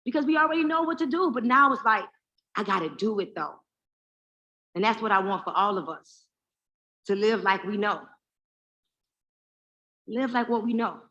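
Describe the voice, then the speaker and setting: A woman hosting a live motivational event, speaking in an animated, preacher-like way and calling out to the crowd for response. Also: medium pitch, moderate pace, long pauses, lo-fi sound. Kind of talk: lively stage talk with call and response. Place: live event in front of an audience.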